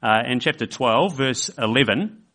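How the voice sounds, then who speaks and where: A man's voice: medium pitch, lively intonation, normal speed, sharp tone. A man preaching a sermon in a church service, conversational, with fillers and restarts. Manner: acts out quoted voices in an illustration.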